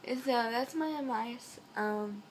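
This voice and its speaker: A teenage girl telling a personal story to camera in a halting, earnest way, stuffed up and a little nasal from a cold, recorded on a phone. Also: a little high, slight background noise, poor audio. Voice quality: nasal from congestion. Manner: earnest and halting, many ums. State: stuffed up, congested. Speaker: vlogger.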